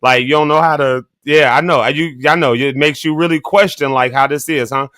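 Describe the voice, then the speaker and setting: A man hosting a morning talk show, telling family stories in a lively way and laughing often. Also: on the high side, fairly quick, dry recording. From Illinois, United States. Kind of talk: casual storytelling chat.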